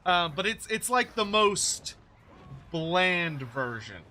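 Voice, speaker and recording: A man's voice: sits high, sing-song, slow pace, sharp tone. A man from Texas with a General American accent, hosting a casual live stream. He chats with viewers in a rambling way, with many fillers and restarts, and laughs easily. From Texas, United States. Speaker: livestream host.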